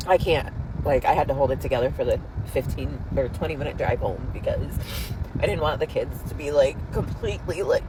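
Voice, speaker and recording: A woman's voice: deep voice, background noise. A woman in her thirties tells an upsetting personal story, shaken and rambling with lots of fillers. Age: 30s. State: shaken and distraught.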